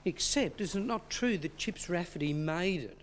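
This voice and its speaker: An Australian man appearing as a guest on a talk show, telling relaxed stories. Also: high voice, normal speed, a little hiss or hum. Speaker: chef and guest.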